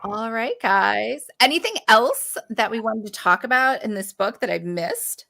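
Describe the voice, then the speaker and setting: Chatty woman running a book club stream, bright lively voice, laughs a lot. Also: a little high, unhurried, vocal fry. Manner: upbeat, laughs often, reads comments aloud. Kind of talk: casual livestream chat, reading viewer comments.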